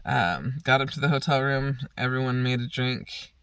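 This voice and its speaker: A man's voice: mid-range voice, normal speed, a bit bright, clean tone, no room sound. A young man casually telling a rambling, profane story on his vlog, often laughing. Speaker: vlogger.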